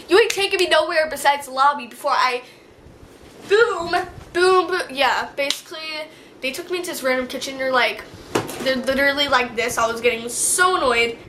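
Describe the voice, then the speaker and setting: A young woman talks straight to her viewers in a storytime vlog, her voice high and bright. She acts out every quote in a slangy, animated way. There is a faint hiss of noise in the room behind her. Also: poor audio. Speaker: vlogger. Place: indoor room.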